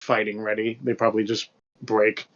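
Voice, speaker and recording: A man's voice: on the low side, level tone, moderate pace. A young man co-hosting a podcast in casual, rambling chat, loose and profane with plenty of fillers. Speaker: podcast co-host. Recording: dull lo-fi podcast mic.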